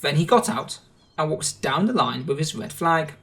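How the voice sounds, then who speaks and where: A man reading a children's storybook aloud in a gentle, expressive way. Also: on the high side, normal speed, creaky, a little hiss or hum.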